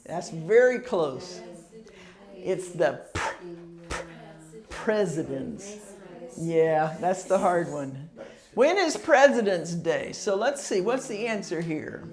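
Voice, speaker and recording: Brief: slow, patient American woman teacher, lowish voice, repeats words. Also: big pitch swings, darkish tone. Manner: patient, repeats words slowly, laughs easily. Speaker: English pronunciation teacher. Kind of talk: pronunciation lesson, casual explaining.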